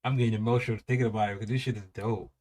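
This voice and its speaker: A man in his thirties giving casual reaction commentary, animated and profane, laughing often and drawing out his exclamations. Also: lowish voice, racing. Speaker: reaction video host.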